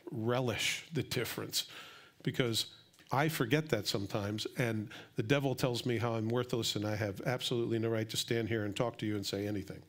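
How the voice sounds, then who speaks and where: A man preaching with mounting excitement. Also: on the low side. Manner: emphatic preaching, swings from quiet to loud and excited. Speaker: pastor. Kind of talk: sermon.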